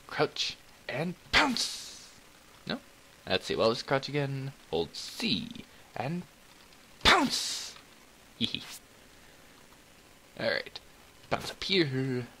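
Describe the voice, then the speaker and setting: This is a playful gameplay commentator who giggles, meows and slips into sing-song lines while speaking as the cat. The voice swoops wildly up and down in pitch, and the delivery is slow and drawn out. A faint hiss sits under the recording. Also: very animated, a bit bright, low-quality recording. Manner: talks as the cat, with mock outrage. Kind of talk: let's play commentary.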